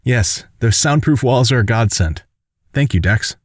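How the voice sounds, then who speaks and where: A man's voice: lively intonation, a little slow, no echo, studio quality. A man voicing Ursi, a furry alien fighter. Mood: grateful. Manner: pitched up, earnest, cries out in alarm. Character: young furry alien woman militia fighter, determined.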